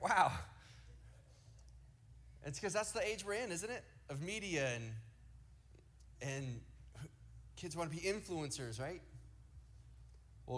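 Storytelling pastor, slow and emphatic. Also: male voice, mid-range voice. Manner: storytelling, acts out quotes from kids. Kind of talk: sermon.

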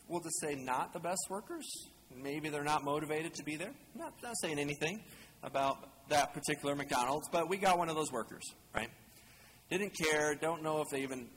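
The speaker is a man preaching as a pastor, his voice on the high side and fairly bright, moving at a moderate pace. He keeps things conversational and joking, asking the congregation questions, while long hall reverb and faint ambient noise come through.

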